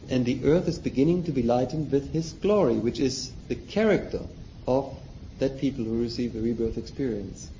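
A man's voice: mid-range voice, mellow. A man teaching a Bible study, reading passages aloud and explaining them with questions to his listeners. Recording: dull lo-fi recording, faint noise.

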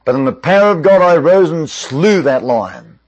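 A man's voice: a little high, expressive, normal speed, a little mellow, muffled recording. A man voicing a bold young shepherd boy in a told Bible story, asking earnest, indignant questions in his own everyday voice. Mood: confident.

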